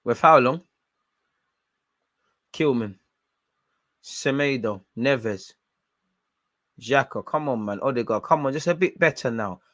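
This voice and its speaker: A man's voice: mid-range voice, slow, long pauses, dry recording, studio quality. Fired-up man reacting live to football. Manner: animated, shouting at players, frustrated, slangy. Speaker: football watchalong streamer. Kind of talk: live match reaction commentary.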